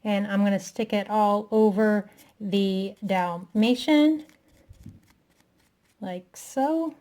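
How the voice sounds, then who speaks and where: A woman's voice: mid-range voice, takes it slowly, warm tone. A woman chatting casually through a craft tutorial, talking to herself as she works, self-deprecating and a little out of breath.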